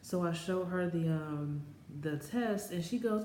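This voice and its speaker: A woman's voice: fairly low pitch, normal speed, few pauses, darkish tone. A woman in her late twenties telling a personal story to camera in a chatty, rambling way, full of filler words. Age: 20s. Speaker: vlogger. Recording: roomy echo with faint background noise.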